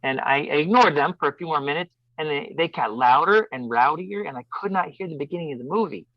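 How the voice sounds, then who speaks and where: A man telling a personal story as a podcast guest, animated and acting out voices. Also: fairly high pitch, brisk, dry recording. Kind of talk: casual storytelling. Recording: dull dry lo-fi sound.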